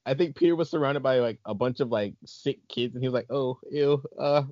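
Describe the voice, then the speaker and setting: A man hosting a casual podcast chat, animated and laughing often. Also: medium pitch, fast talker, no echo. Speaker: podcast host. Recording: dull lo-fi recording.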